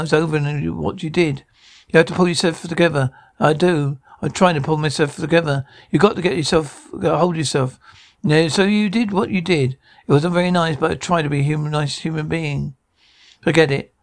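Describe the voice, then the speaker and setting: Gravelly man bickering through a sitcom scene. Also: fairly high pitch. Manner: bickering, flustered comic delivery with stammers and restarts. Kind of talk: one-man reenactment of a sitcom scene, voicing every part.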